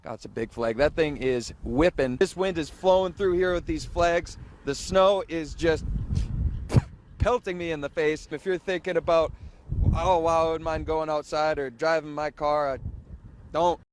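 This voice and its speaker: A man doing a wry, deadpan live weather report outdoors in blowing snow. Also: a little high, normal speed, slight background noise.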